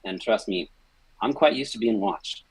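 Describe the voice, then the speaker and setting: A man's voice: lowish voice, normal speed, husky, dry recording, rough recording. A man playing a slick, folksy traveling salesman. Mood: smooth, apologetic. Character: slick smooth-talking male traveling salesman.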